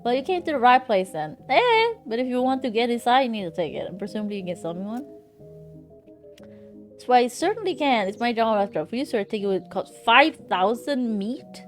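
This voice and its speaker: A woman's voice: a little high, very animated, brisk, soft background music, voice pushed up. A woman voicing a cheerful male rodeo clown working a circus ticket booth, with a folksy drawl and forced salesman cheer. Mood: salesy cheer.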